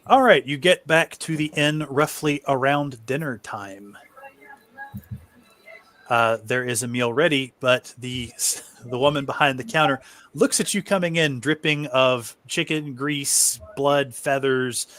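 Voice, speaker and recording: A man's voice: mid-range voice, unhurried, fairly bright tone, no echo. A man narrating as game master for an online tabletop game in a laid-back, easygoing way. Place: home setup, online stream.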